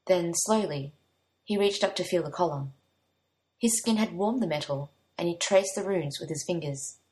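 Woman calmly reading a fantasy story. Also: lowish voice, moderate pace. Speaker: narrator. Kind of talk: audiobook-style story reading.

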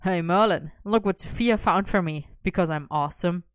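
A woman's voice: lowish voice, normal speed, smooth, dry recording, studio quality, natural voice. A woman reading a story and voicing an earnest, somewhat awkward young man who rambles on. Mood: boastful.

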